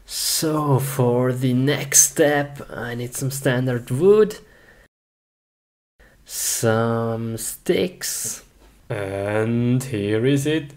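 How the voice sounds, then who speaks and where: A man's voice: medium pitch, very slow, a little mellow. A man in a comedic skit casually narrating his actions as a game player, with frequent giggles.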